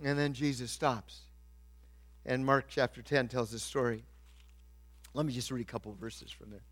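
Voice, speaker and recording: A middle-aged male pastor preaching a sermon, swinging from quiet asides to loud, emphatic points. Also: mid-range voice, fairly even intonation, normal speed.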